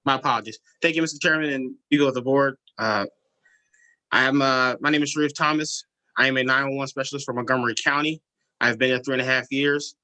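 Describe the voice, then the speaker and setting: A man's voice: medium pitch, steady tone, fast talker, pushed and bright, poor audio. A man, a 911 specialist, giving earnest, somewhat hesitant testimony at a legislative hearing. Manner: earnest, hesitant, many fillers.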